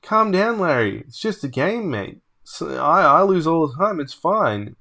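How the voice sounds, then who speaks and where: A man doing a calm, easygoing dad. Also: fairly high pitch, unhurried, pitched above the performer's own voice, exaggerated voice. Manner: calm, soothing.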